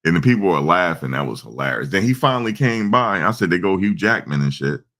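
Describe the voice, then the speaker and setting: Low voiced guy telling stories, jumps way up high when he acts people out, cusses a lot. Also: quick pace. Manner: animated, acts out voices with sudden high-pitched outbursts; profane, laid-back slangy talk. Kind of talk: casual storytelling.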